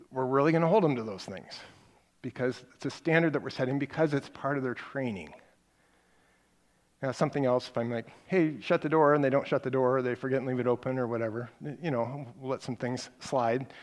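A middle-aged man teaching a parenting class, telling stories in a conversational way and stressing his main points with repetition. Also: medium pitch. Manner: conversational storytelling with emphatic repeated points; acts out parent and child lines in quick snippets.

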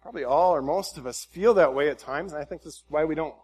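A man delivering a relaxed, conversational sermon. His voice sits a little higher than most men's. He talks in a folksy way, full of fillers and restarts. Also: fast talker, husky. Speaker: pastor.

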